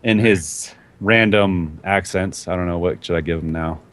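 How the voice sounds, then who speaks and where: A man running a tabletop horror game as game master, explaining events in a lively manner. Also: deep voice, normal speed.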